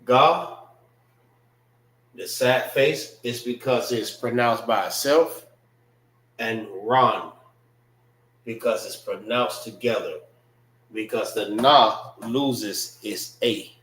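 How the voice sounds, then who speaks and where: An American man teaching a Hebrew class, slowly drilling pronunciation and checking in with "all right" and "know what I mean". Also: medium pitch, fairly bright tone, echoey room, rough recording. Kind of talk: classroom language lesson.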